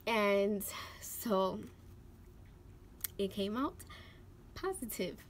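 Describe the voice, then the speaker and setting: A young woman vlogging about her life, telling a personal story in an emotional, animated way, full of "like" fillers and acted-out quotes. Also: mid-range voice, extremely slow, background noise.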